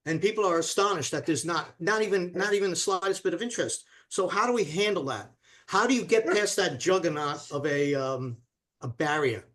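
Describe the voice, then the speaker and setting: Emphatic high-voiced man guest. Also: a little fast, fairly bright tone. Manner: emphatic and persuasive. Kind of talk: casual radio interview.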